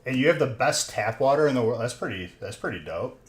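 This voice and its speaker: A man's voice: medium pitch, animated, brisk. A young man hosting a livestream, chatting casually with viewers in a laid-back way, talking through a headset. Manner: laid-back, says "dude" and "bro" often. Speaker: livestream host of card box breaks. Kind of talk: casual chat with stream chat. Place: room in a collectibles shop. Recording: echoey room with faint noise.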